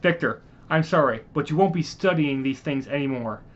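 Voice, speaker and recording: A commanding young starship leader who barks brisk orders, read aloud by a man. The voice is a touch high, heard through a muffled, lo-fi recording. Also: animated, lightly acted.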